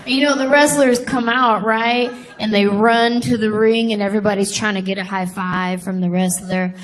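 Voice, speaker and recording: A woman's voice: mid-range voice, steady tone, normal speed. A woman doing a stand-up comedy routine on stage, telling stories and acting out childhood voices. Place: comedy stage before a live audience. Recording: live show with crowd and noise.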